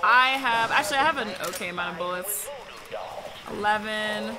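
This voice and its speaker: A young woman streaming a game, chatting casually with loud, excitable outbursts. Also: medium pitch, normal speed. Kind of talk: live gameplay commentary. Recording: stream audio with background noise.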